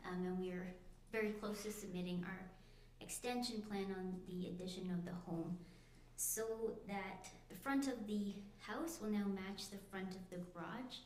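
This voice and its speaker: A woman's voice: mid-range voice, moderate pace, a little mellow. A young woman, out of breath, speaks hesitantly and apologetically at a public meeting. Her voice sits mid-range. The room is echoey, with faint background noise. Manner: apologetic, hesitant, plain-spoken. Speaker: applicant addressing a committee. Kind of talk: informal explanation at a public meeting.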